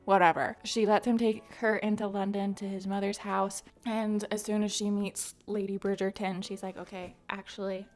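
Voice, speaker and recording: A woman's voice: medium pitch, flat delivery, normal speed, few pauses, darkish tone. Chatty woman recapping a book. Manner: chatty, many "like" fillers, laughs often. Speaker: book channel host. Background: faint music.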